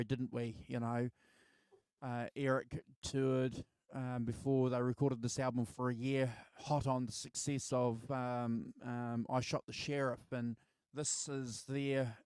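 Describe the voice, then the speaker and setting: A man's voice: mid-range voice, a little mellow, smooth, no room sound. A man co-hosting a casual album review chat, rambling with lots of fillers. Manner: rambling, filler-heavy, laughs easily. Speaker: co-host.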